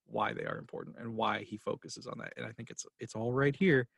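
A man's voice: on the low side, wildly swooping pitch, a little fast, creaky, a bit bright, breathy edge, dry recording, studio quality. A man hosting a casual film podcast, talking passionately and rambling with restarts as he gets emotional. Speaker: podcast host.

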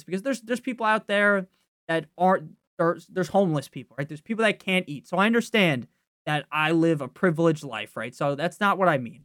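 A young man rants on his sports podcast, swearing freely and bursting into loud, exasperated outbursts before settling back into rambling. His voice sits at a middle pitch and sounds close and dry, with no room around it. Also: dry recording. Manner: frustrated, profane, rambling rant with sudden loud outbursts. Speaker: fantasy football podcast host. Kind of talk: casual ranting podcast talk.

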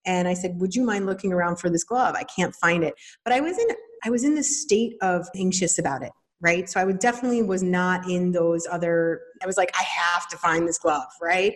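A woman in her thirties hosting a podcast, talking casually and animatedly, acting out little quoted voices as she explains. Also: lowish voice. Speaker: podcast host. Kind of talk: casual teaching monologue.

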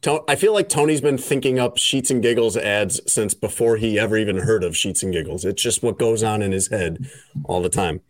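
A man's voice: on the low side, a little fast, no echo. A man hosting a podcast, chatting casually and reading a sponsor spot in a laid-back way. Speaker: podcast host. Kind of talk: casual chat with ad read.

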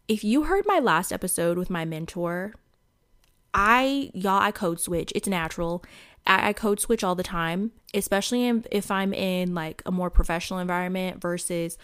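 A woman's voice: mid-range voice, a bit bright, clear, resonant tone. A woman hosting her own podcast in casual solo chat, talking to listeners with a Midwestern accent touched by a Southern country twang, chatty and full of fillers. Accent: Midwestern with a little Southern country twang. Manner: chatty, addresses listeners as y'all, many fillers. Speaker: podcast host.

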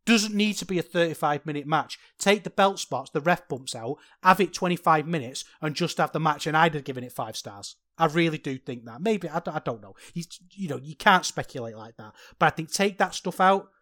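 A man hosting a solo podcast, talking in an animated, ranting way that swings from worked-up to sheepish. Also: a little high, fairly quick, hardly any pauses. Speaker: podcast host.

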